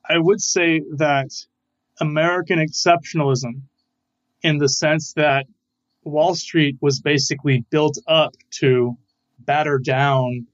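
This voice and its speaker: A man who is a scholar, answering interview questions in a careful, measured way. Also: medium pitch, a bit bright, no echo, muffled recording. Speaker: guest scholar.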